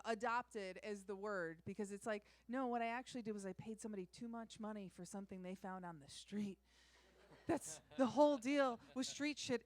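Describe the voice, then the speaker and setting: A woman's voice: medium pitch, no echo. A woman doing a chatty, self-deprecating stand-up bit on a live comedy stage. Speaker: comedian contestant. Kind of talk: stand-up set.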